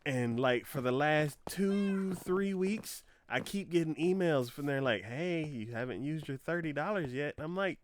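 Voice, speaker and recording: Speaking a touch slowly, this young adult man has a fairly high, very animated, slightly bright voice, with a little background noise in the recording. On a live stream he chats casually through a meandering story, playing both parties in each exchange. Laughter and filler words come up constantly.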